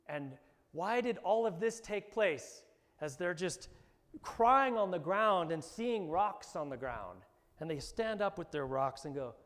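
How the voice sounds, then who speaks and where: A man preaching a sermon as pastor, animated and often rising to emphatic bursts. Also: high voice, measured pace. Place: church hall. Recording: long hall reverb.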